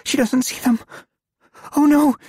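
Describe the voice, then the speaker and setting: A man reading aloud, voicing a frightened teenage girl with psychic gifts in a high, breathy, pleading voice. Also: lively intonation, moderate pace, dry recording, studio quality, full character voice.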